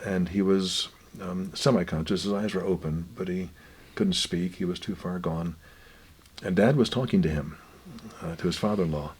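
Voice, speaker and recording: An older man gently telling family stories in an unhurried, reflective way, his voice often dropping quiet. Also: low-pitched, husky. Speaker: guest author.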